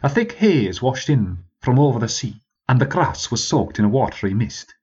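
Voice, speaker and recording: A man reading a story as narrator, in an expressive storytelling manner. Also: mid-range voice, moderate pace, husky, dull audio. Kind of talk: scripted narration.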